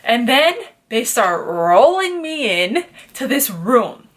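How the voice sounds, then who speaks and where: A woman's voice: fairly high pitch, takes it slowly. Chatty young woman telling a storytime. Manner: chatty, animated, full of fillers like "like" and "literally". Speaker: beauty vlogger. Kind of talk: casual storytime vlog.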